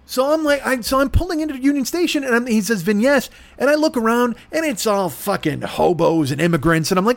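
A man's voice: very high-pitched, animated, quick pace, vocal fry, few pauses, a bit bright. A man telling a long comic story as a profane, exasperated rant, doing mocking impressions of his friend along the way.

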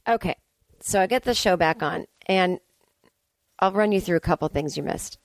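A woman's voice: on the low side, moderate pace, no echo. A woman podcast host recapping a movie from a family home in a sarcastic, chatty way.

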